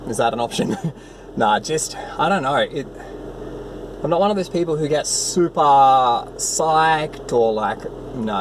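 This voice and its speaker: A man talking casually to the camera in a self-filmed vlog, excitable and rambling, outdoors on a trail. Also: on the high side, moderate pace, background noise. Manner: excitable, rambling, swears mildly. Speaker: vlogger, trail runner.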